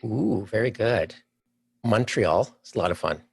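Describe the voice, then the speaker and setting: A man's voice: fairly low pitch, lively intonation, measured pace, gravelly, breathy edge, no room sound. A man from Canada chatting as a podcast guest, enthusiastic and thinking aloud before he answers. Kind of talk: casual interview chat.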